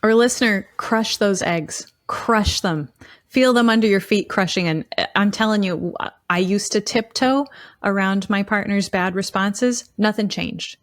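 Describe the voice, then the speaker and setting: A woman's voice: mid-range voice, measured pace, no room sound, clean studio sound. A young woman co-hosting a relationship podcast, emphatic and playful in a casual advice chat. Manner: animated, emphatic, playful, laughs easily.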